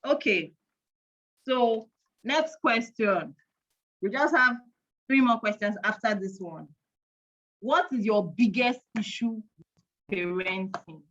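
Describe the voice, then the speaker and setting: A woman hosts a live online parenting quiz. Her voice sits a little high. She counts aloud and teases the audience in a playful, chatty way, and the stream audio sounds dull and lo-fi. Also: lively intonation, takes it slowly, long pauses, fairly bright tone. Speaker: host of an online parenting event.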